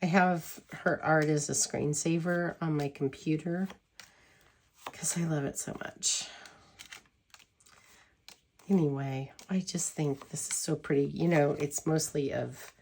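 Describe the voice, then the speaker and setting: A woman's voice: sits low, fairly even intonation, slow pace, vocal fry, long pauses, a little mellow, slight background noise. A woman chatting casually to the camera, gushing and rambling with frequent giggles. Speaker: tarot deck reviewer.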